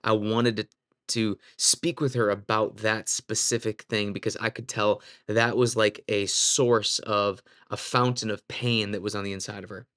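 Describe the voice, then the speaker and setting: A man's voice: on the low side, level tone, normal speed, fairly bright tone. A man, a Christian minister, telling a candid personal ministry story in an earnest way.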